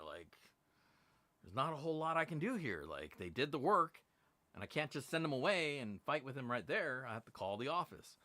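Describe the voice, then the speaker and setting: A man's voice: medium pitch, pushed and bright, no room sound. Profane, exasperated man ranting on stream. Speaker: live stream host. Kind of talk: casual ranting live stream.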